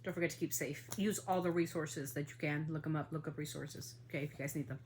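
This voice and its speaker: Woman podcast host, upset and indignant, heated rant with swearing, lowish voice, faint room hiss. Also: fairly even intonation, fast, a little mellow. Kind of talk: casual opinion monologue.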